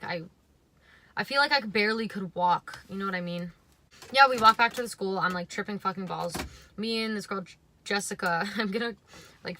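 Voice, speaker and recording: A young woman telling a personal story for her vlog in a loose, meandering way. She swears often and leans on "like" as a filler. Her voice is bright and forward. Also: mid-range voice. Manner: rambling, swearing, heavy use of "like". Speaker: vlogger. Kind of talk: casual storytime.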